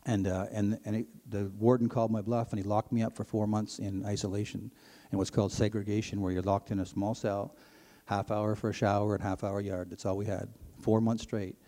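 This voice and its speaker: In what sounds like a big hall with long reverb, a middle-aged Ontario man shares his faith testimony with an audience. His voice is darker and mellow, his pace brisk, and his earnest storytelling rises in pitch whenever the tale turns intense and excites him.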